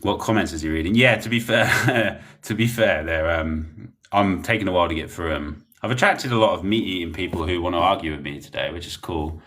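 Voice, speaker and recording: A man's voice: sits low, fairly quick, fairly bright tone. A young man, chatting bluntly and rambling while reading comments on a livestream. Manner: blunt, rambling, laughs often.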